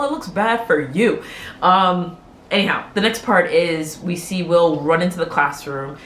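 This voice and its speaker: Woman, lower-pitched, animated casual recapper, slightly echoey room, faint background ambience. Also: a little hiss or hum. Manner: animated storytelling, acts out quotes, laughs often. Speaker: vlogger recapping a TV episode.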